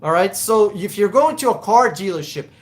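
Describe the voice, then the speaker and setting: Man hosting a live Q&A stream, high voice, blunt and profane, repeats words for emphasis. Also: expressive, normal speed. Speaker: host answering viewer questions.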